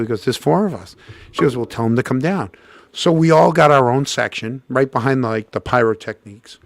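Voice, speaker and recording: A man's voice: moderate pace, creaky, no room sound. A middle-aged man, co-hosting a casual show and telling a story animatedly, acting out what people said. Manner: animated, acts out quotes with jumps in pitch. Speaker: co-host.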